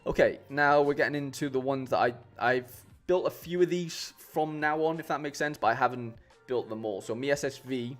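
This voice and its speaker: A man's voice: medium pitch, normal speed, hardly any pauses, faint music behind. A man chatting casually on a live stream, rambling with lots of fillers and restarts and calling his viewers "mate". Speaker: streamer building fantasy football lineups.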